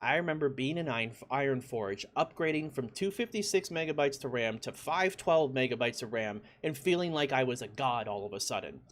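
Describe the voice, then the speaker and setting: A man telling a casual personal story as a gaming YouTuber, full of "like" fillers, breaking into excited shouts when he quotes himself. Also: mid-range voice, brisk, hardly any pauses. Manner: lots of "like" fillers, conversational.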